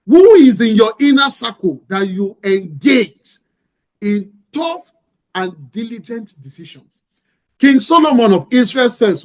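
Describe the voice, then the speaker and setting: A man's voice: very high-pitched, lively intonation, a little slow. A man giving a motivational lecture, preaching with rhetorical questions and emphatic delivery. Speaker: motivational speaker.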